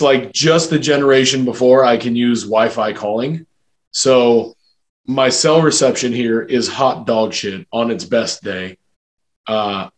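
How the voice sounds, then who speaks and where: Man co-host, middle pitch, swears freely, animated storyteller. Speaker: podcast co-host. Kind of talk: casual storytelling chat.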